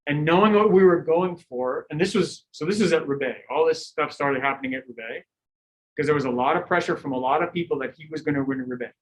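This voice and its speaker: A man's voice: a little high, fast talker, poor audio. Middle-aged man telling coaching stories. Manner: animated storytelling, acting out quotes, laughing. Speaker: cycling coach giving a lecture. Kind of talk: lecture with anecdotes.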